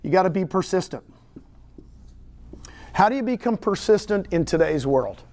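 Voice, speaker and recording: Middle-aged Texan man, higher voice, animated seminar presenter, talks to a live room. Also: normal speed. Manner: animated storyteller, jokes with audience. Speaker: real estate trainer. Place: meeting room with audience.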